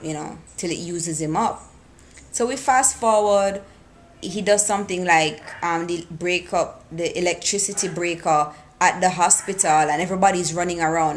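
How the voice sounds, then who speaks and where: A woman's voice: lowish voice, slight background noise. Chatty woman recapping a show. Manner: excitable, animated retelling with quoted lines. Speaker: vlogger recapping a TV episode. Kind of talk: casual reaction recap.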